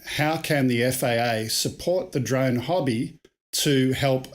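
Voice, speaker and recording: A man co-hosting a live stream, asking the guest questions and joking casually. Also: mid-range voice. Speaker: co-host.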